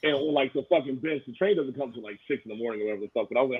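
Husky profane man on a tinny line. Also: mid-range voice, rapid-fire, dry recording. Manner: profane, boisterous, joking. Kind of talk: casual chat. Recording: tinny phone-like dry sound.

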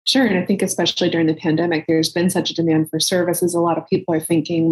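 A woman's voice: on the low side, little pitch movement, quick pace, few pauses, a little mellow, low-quality recording. A woman psychologist as a podcast guest, explaining in a matter-of-fact way. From Maryland, US. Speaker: guest, psychologist and practice owner. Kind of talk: podcast interview.

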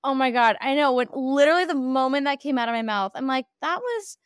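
High, smooth-voiced woman hosting a chatty podcast. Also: fairly even intonation, fast talker, no echo, clean studio sound. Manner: chatty, heavy use of "like", self-deprecating. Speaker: podcast host. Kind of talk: casual podcast interview.

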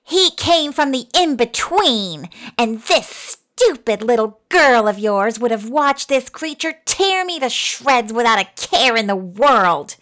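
A woman voicing a small spiteful man with a high-pitched, crackly voice in a storybook reading. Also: lively intonation, slow, hardly any pauses, fairly bright tone. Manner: shrill, threatening.

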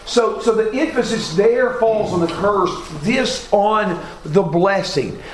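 A man's voice: high voice, takes it slowly. A man teaching a Bible class, reading scripture aloud and asking his students questions. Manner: reads scripture aloud, asks class questions, self-corrects. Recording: echoey room, faint background noise.

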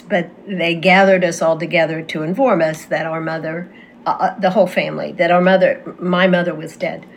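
A woman's voice: lowish voice, slight background noise. A woman talking as a guest medium, telling a personal story in casual conversation with fillers and restarts. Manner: earnest, halting with fillers and restarts.

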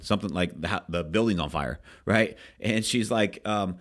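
Guy with a lowish voice hyping up a sales script, casual pep-talk coaching. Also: fairly quick, few pauses. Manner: energetic, emphatic, acts out sales scripts. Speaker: podcast host and real estate team leader.

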